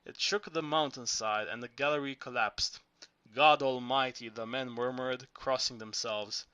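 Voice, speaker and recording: A man reading novel narration aloud, steady with small restarts. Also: mid-range voice, normal speed, no echo. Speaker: audiobook reader.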